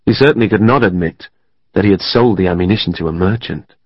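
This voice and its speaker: A man reading a historical novel as audiobook narrator, in a steady, even storytelling manner. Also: low-pitched, fast, slightly rough, no echo. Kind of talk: scripted narration. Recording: dry, slightly muffled studio.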